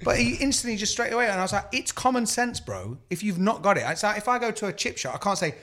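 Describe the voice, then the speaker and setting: A man's voice: high voice, fast talker. A man, co-hosting a casual chat and acting out his stories. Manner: animated storyteller who acts out both sides of his anecdotes. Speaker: podcast co-host.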